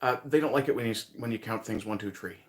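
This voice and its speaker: Low-voiced man with a light Newfoundland accent. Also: fast talker. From Newfoundland, Canada. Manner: rambling, chuckling, thinking aloud. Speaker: livestream host. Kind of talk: casual livestream chat with viewers.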